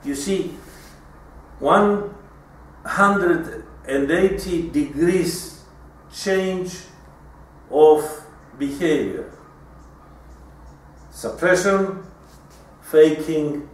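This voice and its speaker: A man giving a lecture in a deliberate style, often restarting his sentences. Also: medium pitch, slight background noise. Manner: deliberate, with frequent restarts and fillers. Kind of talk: recorded lecture. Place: lecture room. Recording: echoey room, mic far off.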